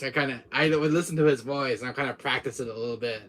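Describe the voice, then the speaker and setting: A man hosting his small gaming channel, chatting casually and in a friendly way to a viewer. He rambles and restarts his sentences often, and his voice has a bright, forward tone at a middling pitch. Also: steady tone, fast talker. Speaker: gaming YouTuber.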